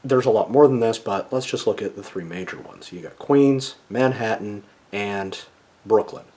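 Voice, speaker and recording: Lower-voiced man explaining things. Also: normal speed, mellow. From United States. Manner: lecturing, checks in with a frequent "okay?". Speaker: video essayist. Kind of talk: casual explanatory monologue.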